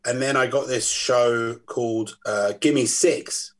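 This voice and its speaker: A man, a podcast guest chatting casually and telling animated stories with quoted voices. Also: medium pitch, slow pace. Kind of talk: casual chat.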